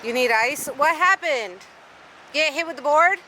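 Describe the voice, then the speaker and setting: A woman's voice: sits high, expressive, a little slow. A woman checking on an injured friend, asking short concerned questions. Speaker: companion checking on an injured surfer. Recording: outdoors on a boat, loud wind, voice from a distance.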